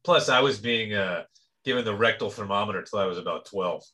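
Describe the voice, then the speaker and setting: A man co-hosting a podcast, trading crude jokes in a deadpan, casual way. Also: lowish voice, brisk. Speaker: podcast co-host. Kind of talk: casual comedy banter.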